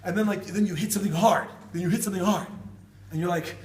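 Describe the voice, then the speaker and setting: A man giving an informal Torah talk as a rabbi to students, animated and joking, repeating phrases for emphasis. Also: sits high, quick pace. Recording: echoey room, distant mic, background noise.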